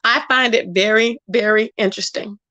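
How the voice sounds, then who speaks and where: A woman hosts a casual gossip commentary stream on YouTube, sassy and blunt, scolding the people she discusses, greeting viewers by name, and often saying "child, okay?". Her mid-range voice has a sharp tone and a moderate pace. The recording is dry and muffled.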